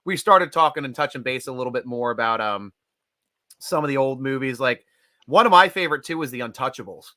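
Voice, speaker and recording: A middle-aged man hosting a casual live-stream chat, animated and chatty and quick to laugh. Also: medium pitch, no room sound, studio quality. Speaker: host.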